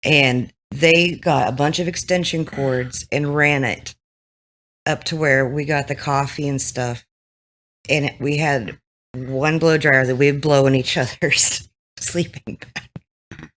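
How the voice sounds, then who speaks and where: Bright-voiced chatty woman. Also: sits low, fairly even intonation, slow. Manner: laughing, chatty storyteller. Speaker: guest, veteran. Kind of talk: casual chat.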